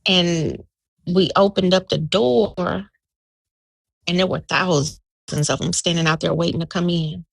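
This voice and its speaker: A woman's voice: lowish voice, measured pace, gravelly, no echo. A woman in a casual live video chat, telling a long dream story and acting out the people in it. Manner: animated storyteller, acting out quoted dialogue. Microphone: video call.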